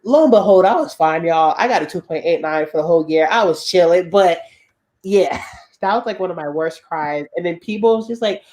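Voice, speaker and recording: A young woman with a Southern US accent, telling a personal story in a relaxed podcast chat. Her delivery is chatty and loose, and she laughs often between sentences. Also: fairly low pitch, brisk. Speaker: co-host. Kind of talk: casual chat.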